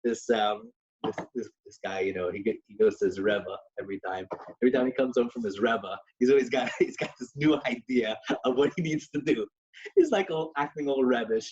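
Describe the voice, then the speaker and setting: A man co-hosts a casual podcast, his voice sitting at a middling pitch. He talks in an animated, storytelling way and sprinkles in Yiddish phrases. The recording is slightly muffled. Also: fairly quick. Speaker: podcast co-host.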